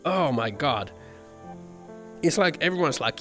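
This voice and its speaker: A man's voice: fairly high pitch, lively intonation, unhurried, pauses often, faint music behind. A man streaming, ranting casually with lots of swearing and filler words. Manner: rambling, profane, fillers "like" and "man". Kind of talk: casual chat.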